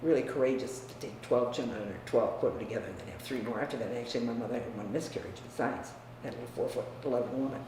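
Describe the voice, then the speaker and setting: An older woman from the US Midwest, reminiscing about her family in a frank, emphatic way that often drops quiet. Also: rumbling low, fast, hardly any pauses. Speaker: interviewee. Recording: echoey room, distant mic, faint hiss.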